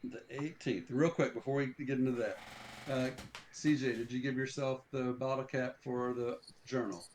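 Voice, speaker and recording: A man running a tabletop game as game master, narrating scenes in a measured way with fillers. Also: medium pitch, little pitch movement, darkish tone, slight background noise. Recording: music playing clearly behind.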